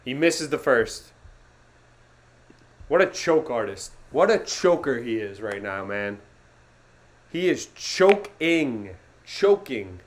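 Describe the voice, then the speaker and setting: A young man hosting a live sports reaction stream, swinging from gloomy muttering to excited yelling and talking to his chat. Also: mid-range voice, slow. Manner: talks to chat viewers by name.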